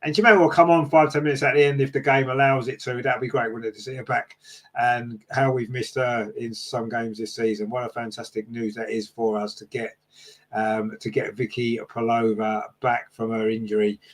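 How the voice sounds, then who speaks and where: A man's voice: mid-range voice, level tone, moderate pace. A man hosting a casual fan podcast, reading out live chat comments and answering them with lots of fillers and tag questions.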